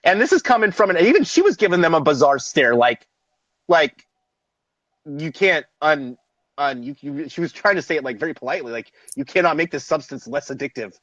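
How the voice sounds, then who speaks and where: A man with a fairly high voice, telling a story in casual chat, profane and animated, with laughter breaking through. The sound is dry, close and dull, like a lo-fi recording. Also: fairly quick, dry recording. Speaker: podcast co-host.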